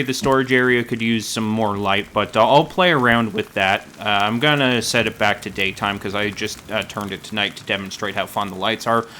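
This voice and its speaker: A man's voice: lowish voice, sharp tone, a little hiss or hum. A man giving casual, rambling gameplay commentary, self-deprecating and full of dad jokes. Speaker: gaming YouTuber.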